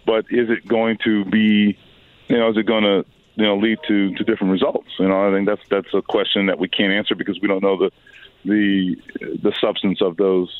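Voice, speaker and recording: A hoarse man with a raspy voice, a sports reporter on a phone-in radio interview, thoughtful and hesitant with many fillers and restarts. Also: fairly low pitch, flat delivery, brisk. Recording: phone line.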